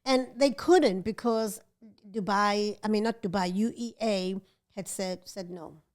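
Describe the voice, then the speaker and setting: A woman's voice: medium pitch, unhurried. Chatty woman co-hosting. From South Africa. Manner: chatty, animated, laughs often, mimics others. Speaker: podcast co-host. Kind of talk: casual chat.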